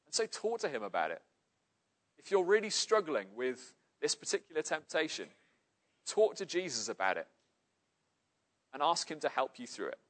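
A man's voice: fairly high pitch, sing-song, normal speed, pauses often. A man from Cardiff preaching a sermon in an earnest, emphatic way. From Cardiff, Wales.

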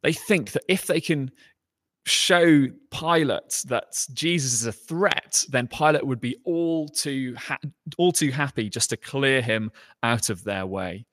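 A man preaching a sermon in a conversational way, voicing quoted lines with lifted pitch and emphasis. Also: animated, slow, fairly bright tone, dry recording, studio quality.

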